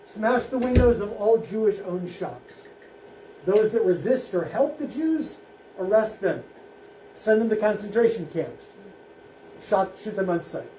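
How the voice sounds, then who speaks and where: A man, a rabbi, giving a solemn presentation at a school in short, measured phrases. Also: high voice, mellow, slight background noise. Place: school room. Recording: echoey room, faint ambience.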